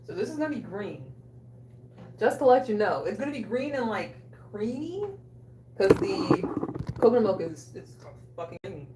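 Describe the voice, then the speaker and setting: A woman hosting a cooking livestream, chatting casually, loud, joking and swearing with her chat. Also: medium pitch, sing-song, moderate pace, noisy background. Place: small bathroom. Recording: echoey room, a bit distant.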